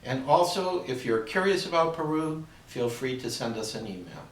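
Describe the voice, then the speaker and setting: A man giving a rambling, chatty pitch in a casual homemade video, slipping in jokes. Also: sing-song, normal speed. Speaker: crystal skull seller presenting his products. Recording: roomy echo, far from the mic.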